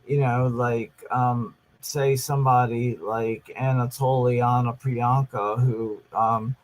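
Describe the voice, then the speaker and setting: A man calmly explaining true-crime facts in a casual chat, with many ums and you-knows. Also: mid-range voice, takes it slowly, slight background noise, poor audio. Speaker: podcast co-host.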